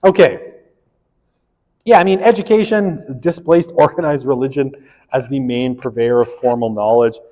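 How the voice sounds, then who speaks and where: A man's voice: medium pitch, normal speed, warm tone, in a large hall. Joking man lecturing. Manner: casual and joking, frequent fillers and tag questions. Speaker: sociology instructor. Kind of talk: recorded university lecture.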